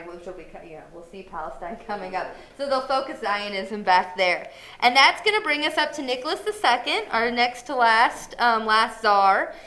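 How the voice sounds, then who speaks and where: A woman's voice: mid-range voice, sharp tone. A woman history teacher giving a casual, chatty classroom lecture. She often acts out quoted lines in a playful way. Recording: echoey classroom.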